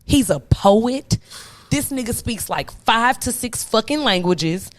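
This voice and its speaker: Animated, profane young woman podcaster. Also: on the high side, takes it slowly. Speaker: podcast host. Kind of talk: casual chat.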